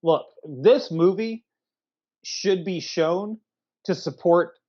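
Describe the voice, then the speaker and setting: A man's voice: sits high, takes it slowly, darkish tone, highs cut off. A man co-hosting a casual movie review, ranting crudely and with emphasis. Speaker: movie review podcast co-host.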